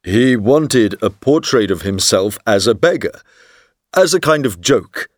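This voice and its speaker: A man's voice: on the low side, lively intonation, unhurried, no echo, clean studio sound. A man voicing an amused, easygoing painter who teases his friend. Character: amused grown man, a relaxed teasing painter.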